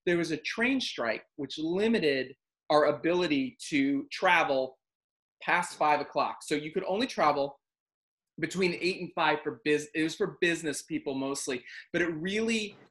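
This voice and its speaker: A man hosting a casual chat, telling a long travel story with lively acted-out quotes. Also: a little high, moderate pace. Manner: animated, acts out quotes and voices. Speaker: host.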